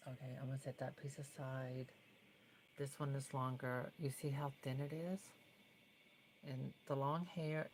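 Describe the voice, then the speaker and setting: A woman with a very low, deep voice giving a casual hands-on tutorial. She is chatty and opinionated, and now and then slips into a soft whisper. A faint hum of room noise sits behind her. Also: low-quality recording. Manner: chatty, opinionated, drifts between soft whispers and fuller speech. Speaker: doll customizer vlogger.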